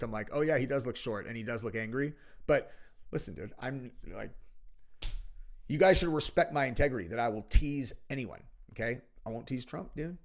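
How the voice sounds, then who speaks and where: A young man riffs through crude political commentary in a brash, mocking tone, full of profanity and casual "dude"s. He sounds like a host talking straight to his regular viewers. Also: mid-range voice. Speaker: show host.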